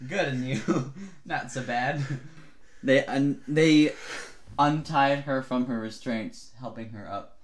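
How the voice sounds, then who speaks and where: A man's voice: medium pitch, slow. Man reading silly fan fiction aloud. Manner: reads in a mostly flat voice, often breaking into laughter.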